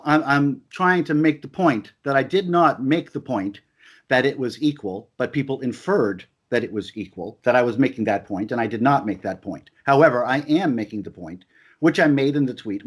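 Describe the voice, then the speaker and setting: An emphatic man in a heated back-and-forth conversation. He presses his points again and again, and often trips over restarts before getting the words out. His voice sits at an ordinary middle pitch. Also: husky.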